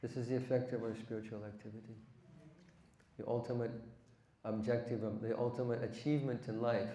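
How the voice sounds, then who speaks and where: A man's voice: mid-range voice, little pitch movement, a little fast, mellow. Man giving an echoey devotional lecture. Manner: asks the audience rhetorical questions and recites verses. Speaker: spiritual teacher. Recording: echoey room.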